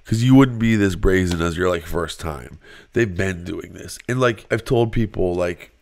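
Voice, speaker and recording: A man with a very deep voice tells a long personal story in loose, conversational fashion. He rambles and fills nearly every pause with "like," keeping everything offhand and unscripted. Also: vocal fry, a little mellow. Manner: rambling, filler-heavy, frequent "like". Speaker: guest telling his story. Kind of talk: casual storytelling.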